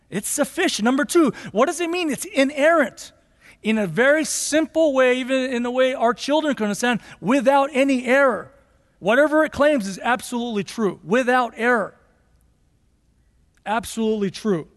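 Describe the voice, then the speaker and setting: A man preaching from the pulpit with a strikingly high voice. He speaks with emphasis, posing questions to the congregation and answering them at once. His words ring out with the long reverb of a large church hall. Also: expressive, moderate pace. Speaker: pastor. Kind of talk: sermon. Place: church sanctuary.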